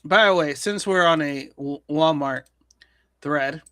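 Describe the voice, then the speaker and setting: A man hosting a casual comedy news show, talking in halting bursts with restarts and chuckles. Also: fairly high pitch, fairly bright tone, no echo, studio quality. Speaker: news commentary host.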